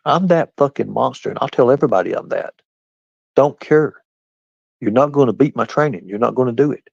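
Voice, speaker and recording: Gravelly, combative livestreamer man. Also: mid-range voice, expressive, brisk, dry recording. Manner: combative, confrontational, talks straight back to chat. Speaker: livestreamer answering chat. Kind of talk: casual live-stream rant. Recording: dull, lo-fi dry stream audio.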